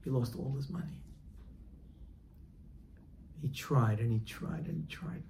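A religious teacher, a man, telling a story in a sermon, animated and acting out the characters. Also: mid-range voice, unhurried, creaky. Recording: echoey room, faint background noise.

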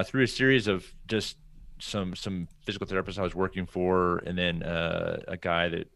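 A middle-aged American man, a podcast guest, telling a story in a casual, animated way and acting out the dialogue. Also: sits low, creaky, no room sound.

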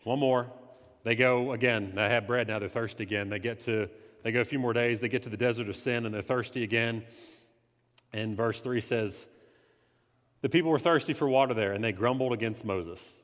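A man, not the pastor, teaching his church in a conversational, animated way, swinging between loud emphasis and quiet confession. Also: medium pitch, normal speed. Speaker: lay preacher. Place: church sanctuary. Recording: reverberant hall.

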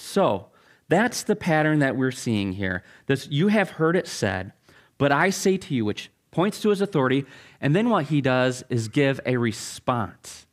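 A man preaching a sermon as pastor, reading scripture, praying and then teaching with animated rhetorical questions that leap up in pitch.

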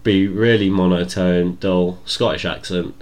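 A man's voice: sits low, steady tone, a little slow, noisy background. A young man co-hosting a casual podcast over a video call, blunt and sweary in his banter. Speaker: podcast co-host. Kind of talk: casual chat.

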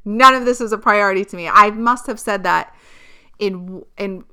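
Bright, clear-voiced woman venting candidly. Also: mid-range voice, normal speed. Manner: candid and exasperated, swears freely, laughs often. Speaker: podcast host. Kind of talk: casual storytelling monologue.

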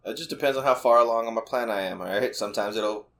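A man's voice: mid-range voice, quick pace, a bit bright. A man co-hosting a casual podcast about a tabletop game, chiming in with wry, teasing remarks. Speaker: podcast co-host.

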